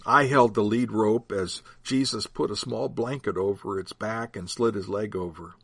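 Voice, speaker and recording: A man, a pastor, who prays and then reads a Bible-based short story aloud as an expressive storyteller. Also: on the low side, normal speed, gravelly, husky, no echo. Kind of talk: scripted story narration.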